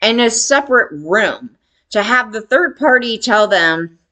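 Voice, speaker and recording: A woman's voice: fairly high pitch, lively intonation, a little slow, bright, forceful tone. A woman telling a candid personal story in a rambling, emphatic way, swearing freely.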